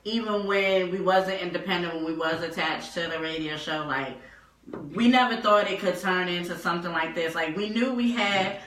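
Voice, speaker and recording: A woman's voice: on the low side, moderate pace, a bit bright, distant mic. A woman, cohosting in a sassy, blunt, casual way. She sits a little away from the mic in an echoey room. Faint noise hums underneath. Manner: sassy, blunt, laughs often. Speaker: co-host. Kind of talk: casual banter.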